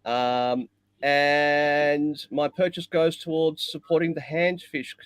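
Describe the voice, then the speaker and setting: A man's voice: a little high, level tone, slow, clean tone, no room sound. A man, a guest on a video call, talking cheerfully and enthusiastically. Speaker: guest distiller. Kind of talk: casual video call chat.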